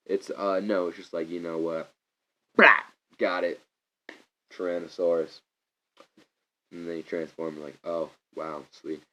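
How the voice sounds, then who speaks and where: A man vlogging a rambling casual movie rant to his camera, digressive and animated, breaking into loud mock voices. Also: sits low, a little slow, pauses often. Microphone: camera mic. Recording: dull lo-fi camera audio.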